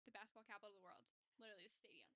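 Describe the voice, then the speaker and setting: A woman's voice: medium pitch, very fast, pushed and bright. A young adult woman, a kinesiology doctoral student, chatting eagerly as a podcast guest and filling her talk with "like". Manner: chatty and enthusiastic, many "like"s. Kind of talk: casual podcast interview.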